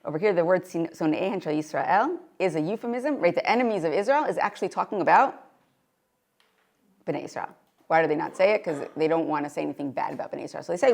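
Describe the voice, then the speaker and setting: Woman teaching a torah class, bit of gravel in her voice, keeps asking "right?". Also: fairly low pitch, lively intonation, brisk, a little mellow. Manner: reads Hebrew sources then translates, asks the audience questions. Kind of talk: lecture with text reading.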